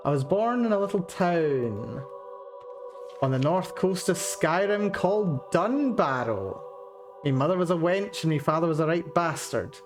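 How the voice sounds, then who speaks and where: A gruff old pirate captain, put on by a woman, boasting in a thick Scottish accent and rough sailor dialect as he reads out his last journal. The voice sits a little low and rolls along at an easy pace. Faint music plays underneath. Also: lively intonation, unhurried. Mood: gruff boastful. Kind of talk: reading a game journal aloud in character.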